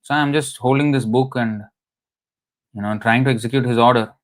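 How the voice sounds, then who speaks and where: A man's voice: mid-range voice, fairly even intonation, normal speed, close to an everyday voice. A man voicing a humble, illiterate brahmin, a devoted and tearful man explaining himself earnestly and simply.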